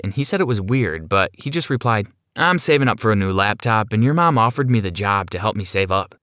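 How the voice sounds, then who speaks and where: A man's voice: mid-range voice, no room sound, studio quality. A man narrating a first-person story in a plain, conversational way, as a scripted voice-over.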